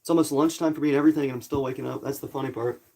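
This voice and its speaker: A young man livestreaming from his home in a rural area chats casually with viewers, rambling and apologizing in a groggy morning voice. His medium-pitched voice is gravelly and a little mellow, with a steady tone, and he talks at a racing pace.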